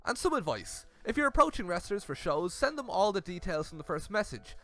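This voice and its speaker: A young man giving comedic commentary on messages, animated and laughing often. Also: high voice, a little fast. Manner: animated, laughing, switches into silly voices for messages. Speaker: YouTube commentator.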